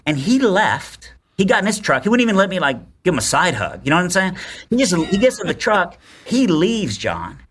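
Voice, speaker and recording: A man's voice: high voice, a little fast, slight background noise. A man in his forties telling a personal story on a podcast, acting out the voices of the people in it. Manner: animated storyteller, acts out quotes. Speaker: podcast guest. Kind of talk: storytelling in casual chat.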